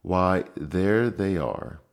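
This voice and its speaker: A man's voice: low voice, expressive, slow, a little mellow, exaggerated voice. A man voicing a fussy, pompous old king who reasons aloud with self-satisfied mutterings.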